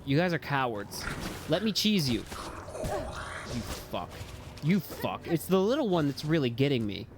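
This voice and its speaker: A young man streaming a game live, chatting casually, rambling between topics and yelling and swearing at the enemies. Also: on the high side, sing-song, moderate pace, background noise. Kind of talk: casual live gameplay commentary. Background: game music.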